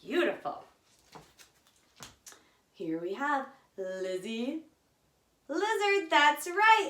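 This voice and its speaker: A woman's voice: sits high, very animated, slow, pauses often, a bit bright, echoey room. A woman teaching a phonics lesson to young children, sing-song and encouraging as she models each letter sound. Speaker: early literacy teacher.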